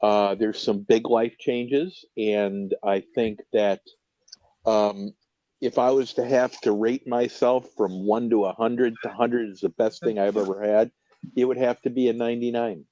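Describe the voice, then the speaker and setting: A man's voice: on the low side, steady tone, measured pace, mellow, dry recording, highs cut off. A man guesting on a casual livestream chat, earnest and emphatic, often repeating himself.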